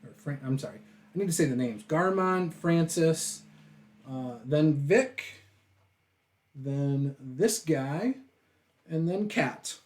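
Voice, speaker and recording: Lively male game master. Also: fairly high pitch, takes it slowly, pauses often. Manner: lively, laughing, describing the scene. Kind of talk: running a tabletop game.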